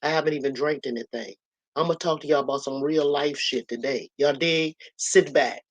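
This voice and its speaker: A woman with a deep voice, speaking at normal speed, addresses her viewers as a livestream host from her bedroom at home. She's blunt and earthy, spinning stories in a loose, easygoing way, full of asides to her audience and plenty of "you know" and "y'all."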